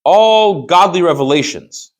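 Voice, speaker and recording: A rabbi with a high, animated voice leads a Chassidus class at an unhurried pace. He reads Hebrew text aloud and then explains it in English, pressing his points with emphatic rhetorical questions. It's a Torah study session built on reading and translating a text.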